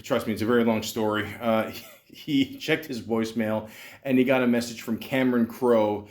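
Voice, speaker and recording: A man's voice: mid-range voice, steady tone, moderate pace, a little mellow. A man from New Jersey hosting a podcast, reviewing movies in a loose, rambling, profane way with many fillers. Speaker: podcast host. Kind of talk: casual movie review monologue.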